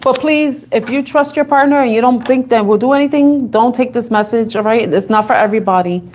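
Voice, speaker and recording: A woman's voice: on the high side, fairly quick, a little mellow, a little hiss or hum. A woman giving a casual tarot reading, talking and thinking aloud in a chatty, giggly way. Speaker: tarot reader.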